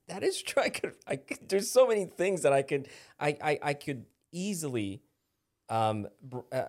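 A man's voice: mid-range voice, darkish tone. Podcast host guy, friendly, jokes about himself, laughs a lot. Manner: friendly, self-deprecating, laughs often. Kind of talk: casual interview chat.

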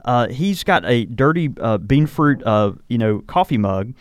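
A man's voice: medium pitch, lively intonation, a little slow. A man hosting a casual podcast chat, talking in an easygoing way while tasting and reviewing whiskey in a small home studio. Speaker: podcast host.

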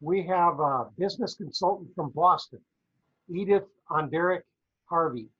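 Brief: chatty male co-host, high voice, muffled lo-fi sound, rambling and playful. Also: moderate pace, bright, forceful tone, husky. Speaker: co-host, former professor. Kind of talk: casual talk-show chat. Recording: dull lo-fi audio.

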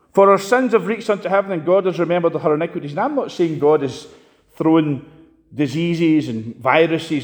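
A man preaching a sermon, impassioned, swinging sharply between loud and quiet. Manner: impassioned, rises and drops sharply in pitch and volume. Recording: long hall reverb.

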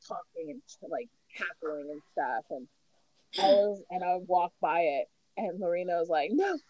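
A woman co-hosting a casual chat podcast, telling animated stories about her kids, laughing often and acting out their voices. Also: medium pitch, no room sound, poor audio. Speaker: podcast co-host.

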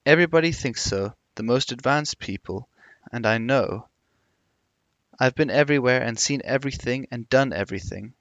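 A man's voice: mid-range voice, normal speed, a bit bright, dry recording, close to an everyday voice. A man reading the lines of a restless, cynical young society woman, with a wistful, theatrical delivery and only a light change of voice. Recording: dull lo-fi recording.

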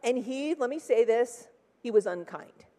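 A church speaker in her sixties shares her personal testimony from the pulpit of a large hall, her warm voice sitting on the high side. She's animated yet a little slow, chatting along with plenty of "like" and acted-out quotes.

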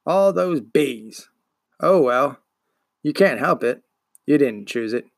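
A man voicing a gruff, grumbling old male bookseller who smokes a pipe and dislikes children, speaking in a slow, disdainful growl. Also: medium pitch, animated, dry recording, studio quality, full character voice.

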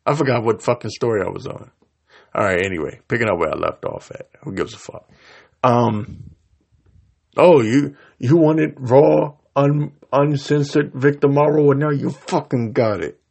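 A man's voice: mid-range voice, moderate pace, creaky, a little mellow, slightly rough. A man hosting his own podcast, delivering an angry, heated, profanity-laced rant and tripping over his words. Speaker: podcast host. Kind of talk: ranting solo podcast.

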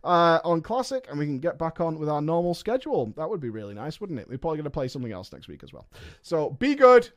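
A high-voiced man with a northern English accent, his pitch swinging widely as he talks. He chats with his live-stream audience and exclaims his reactions freely. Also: fast talker. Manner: excitable, exclaiming, chatty with viewers. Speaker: streamer reading viewer stories. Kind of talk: live-stream chat and commentary.

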